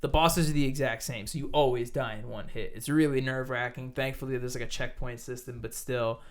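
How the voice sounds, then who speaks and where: Male podcast host, mid-pitch, loose casual delivery, frequent swearing. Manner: loose, swears a lot, quick bursts of excitement. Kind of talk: casual chat.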